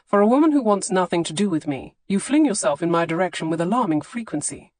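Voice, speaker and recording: A woman voicing a teasing aristocratic gentleman in an audiobook, delivering his lines with dry, wry understatement. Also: lowish voice, expressive, quick pace, no echo, lightly acted. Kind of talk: audiobook character dialogue.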